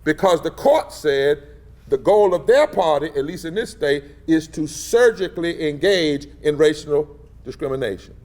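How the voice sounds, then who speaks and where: A man addresses a press gathering in a preacher's cadence. His voice sits a little high and rises and grows louder on the words he wants to land, then drops back to a steady, measured delivery. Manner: rhythmic, emphatic, swells louder and higher on key phrases. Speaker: civil rights leader and pastor speaking at a press event. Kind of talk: impassioned preacher-style public address.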